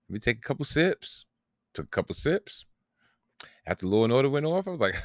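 A man's voice: lowish voice, lively intonation, fairly quick, no echo, studio quality. A man, hosting a solo podcast and telling a long, rambling, profane story about himself with self-mocking humor. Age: 40s. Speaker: podcast host.

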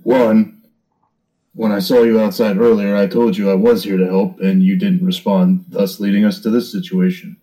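Low, mellow-voiced tabletop player. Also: male voice, normal speed, rough recording. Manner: steady, reasoning, firm. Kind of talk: in-character tabletop game talk.

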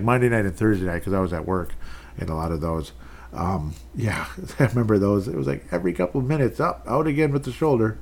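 A lowish-voiced young man talking football on his own podcast, wandering off into tangents and stumbling over names. He doesn't edit out mistakes. He chuckles at them and pushes on, and his voice climbs sharply when something annoys him. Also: gravelly. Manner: rambling, self-correcting, laughs at own slips; gets loud and high-pitched when ranting. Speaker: podcast host. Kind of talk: solo sports podcast chat.

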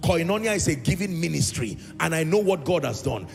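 Gravelly preacher in an echoey hall. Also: male voice, fairly high pitch, expressive, a little fast, soft background music. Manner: emphatic preaching with repeated phrases and sung lines. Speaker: pastor. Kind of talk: sermon.

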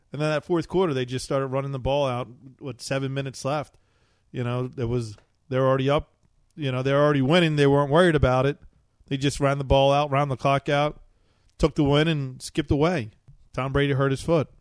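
A man's voice: medium pitch, dry recording, clean studio sound. A man co-hosting a sports talk show, laid-back and agreeable, calling his friend dude. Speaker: podcast co-host. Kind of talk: casual sports chat.

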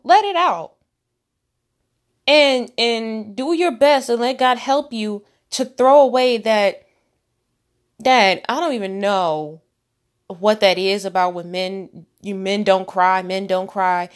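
A woman hosting a faith-based podcast, talking earnestly in a preachy, rambling way with many restarts. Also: fairly high pitch. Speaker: podcast host.

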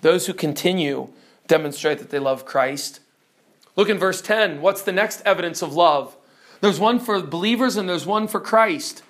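High-voiced preacher quizzing his listeners. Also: normal speed, fairly bright tone. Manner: emphatic, questions the listeners. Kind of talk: teaching sermon.

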